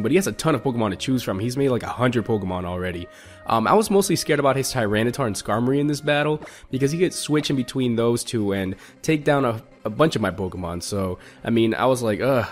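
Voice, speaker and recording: Young guy narrating his own game match, gets worked up, laughs at himself, some music underneath. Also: medium pitch. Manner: excitable, self-mocking, lots of "I'm like" retellings. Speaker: channel host commentating his own battle. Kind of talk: casual game commentary over a recorded battle.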